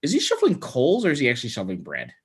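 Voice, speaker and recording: A man co-hosting a casual comedy podcast, recapping a film in an animated, profane way. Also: medium pitch, very fast, breathy edge. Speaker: podcast co-host.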